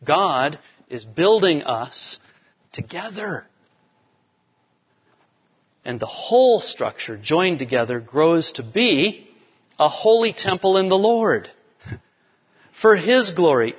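Preaching slowly and pausing often, a pastor explains scripture in a church sanctuary, climbing toward emphatic peaks. His fairly high voice is husky and sing-song. The audio is dull, with long hall reverb.

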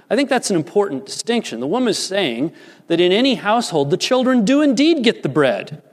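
A man preaching a sermon as a pastor, measured and deliberate, lifting his voice for emphasis. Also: sits high, big pitch swings. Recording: long reverb of a large hall.

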